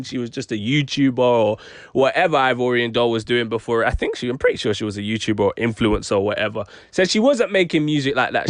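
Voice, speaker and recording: A man's voice: fairly high pitch, fairly bright tone, no echo. A young man giving casual, chatty commentary on rap lyrics, laughing often and trailing off with fillers. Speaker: YouTube commentator.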